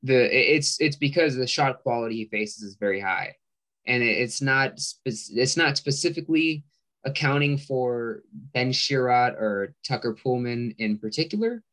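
Man, analyst guest, measured, explains step by step, restarts sentences. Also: mid-range voice, fairly bright tone. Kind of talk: casual explanation.

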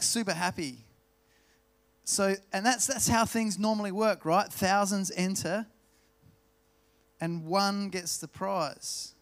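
A man with an Australian accent preaching a sermon, telling stories and slowing down to stress key words. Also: sits high, a bit bright. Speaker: pastor.

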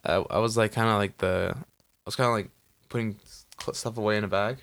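Low gravelly guy rambling on a podcast, like like you know. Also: steady tone, brisk, fairly bright tone. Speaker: podcast co-host. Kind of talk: casual chat. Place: Los Angeles.

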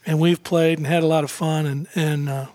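Lively storytelling man, bright-pitched, dry sound. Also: moderate pace, no room sound. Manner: animated anecdote telling, acts out quotes, laughs often. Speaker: guest. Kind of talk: casual storytelling interview.

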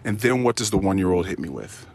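A man's voice: sits low, quick pace, breathy edge. A man rambling through a spoken diary in a crude, profane, ranting way. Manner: animated, swings into mock-excited tones. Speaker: diary podcast host.

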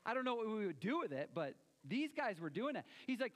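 A man preaching a sermon, animated, acting out quoted voices and swinging between loud and soft. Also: sits high, a little fast, long reverb tail. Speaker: pastor.

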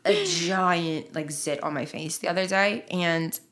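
A young woman with a bright, clear voice talks casually with a close friend. She tells lively, animated stories and leans into the punchlines. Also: on the low side, measured pace, a little hiss or hum. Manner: chatty, animated storytelling with laughs. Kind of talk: casual chat. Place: Nashville.

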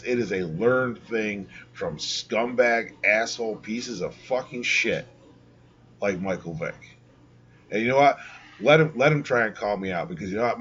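A man's voice: on the low side, fairly bright tone, husky. A man co-hosting a casual podcast, ranting heatedly and swearing a lot. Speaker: podcast co-host. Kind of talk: casual chat. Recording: dull lo-fi audio.

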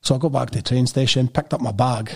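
A middle-aged Scottish man telling a lively anecdote in casual chat, laughing often and acting out what people said. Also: mid-range voice, fast talker, gravelly, husky. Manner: animated storytelling, laughs often, acts out quotes.

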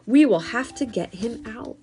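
A woman doing a brisk, loud policeman. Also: on the high side, expressive. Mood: surprised. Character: brisk, helpful male policeman.

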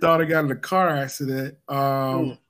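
A man's voice: mid-range voice, fairly even intonation, moderate pace, fairly bright tone. A middle-aged man co-hosting a casual chat, talking in a slangy, laid-back way and laughing often. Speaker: podcast co-host.

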